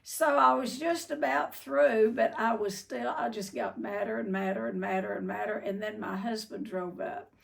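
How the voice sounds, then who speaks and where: An older woman tells a personal story in a candid, folksy way, her voice gravelly with fry. She sounds a little distant from the microphone. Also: mid-range voice, steady tone, moderate pace. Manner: folksy, candid, frequent "uh" and "I mean". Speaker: treatment center owner telling her story.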